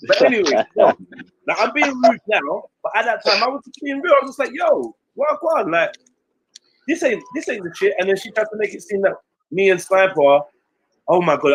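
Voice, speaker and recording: High-voiced slangy man. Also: a little fast, slightly rough, poor audio. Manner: animated, slangy, swearing, acts out others' lines. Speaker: stream panelist. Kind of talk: casual storytelling chat.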